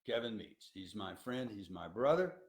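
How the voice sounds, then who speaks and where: A man's voice: on the low side, sing-song, normal speed. A man who works as a tour coordinator gives an educational talk to students, in a folksy, emphatic storytelling style full of restarts. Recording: roomy echo.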